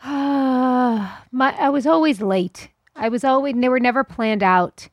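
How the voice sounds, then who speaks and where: A woman's voice: high voice, a little slow, dry recording, clean studio sound. A woman in her forties co-hosting a podcast, adding wry short remarks in a casual chat. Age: 40s. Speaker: podcast co-host.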